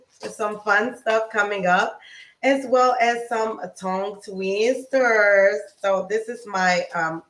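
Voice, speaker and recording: A woman hosting a casual livestream, chatty and upbeat, greeting viewers by name and wandering between topics, slowing down to pronounce foreign words. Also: fairly bright tone, reverberant, low-quality recording. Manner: slows down to pronounce foreign words with bursts of high pitch. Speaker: lifestyle and nutrition livestream host.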